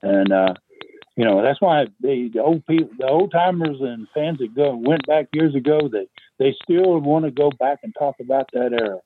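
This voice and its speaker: A man's voice: mid-range voice, moderate pace, a little hiss or hum. An older man telling wrestling-era stories in a rambling way, with many fillers and chuckles, over a tinny phone line. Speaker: interview guest, veteran wrestling promoter. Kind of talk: phone interview storytelling.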